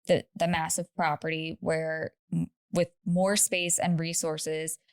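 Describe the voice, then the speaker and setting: A woman's voice: low voice, level tone, slow, creaky, a little mellow. A woman co-hosting a podcast, telling a true story in casual chat with laughing asides and lots of "like".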